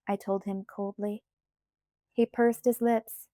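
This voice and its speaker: A woman narrating a first-person novel as an audiobook with an expressive, measured reading. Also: mid-range voice, dry recording, studio quality.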